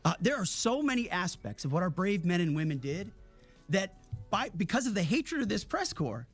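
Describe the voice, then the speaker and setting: Man at a briefing podium, firm scolding delivery, pitched a bit high, faint music under it. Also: sing-song, normal speed, husky. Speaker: official at a press briefing. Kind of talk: formal press statement. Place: briefing room.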